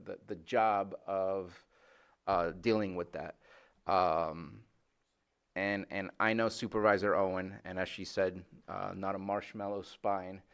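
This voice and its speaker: A man speaking as a county supervisor at a public board meeting, halting and restarting often. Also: on the low side, a bit bright. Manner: halting, many restarts and fillers.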